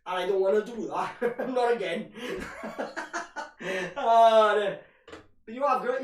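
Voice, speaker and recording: A man giving live fan commentary on a match, ranting in frustration and calling his listeners "boys". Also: high-pitched. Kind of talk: live watch-along commentary. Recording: roomy echo, distant from mic.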